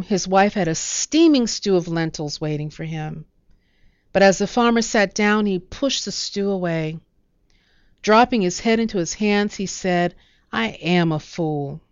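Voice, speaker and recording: Woman storyteller, measured and expressive, smooth and dry. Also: mid-range voice, no room sound, dull audio. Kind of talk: storybook narration.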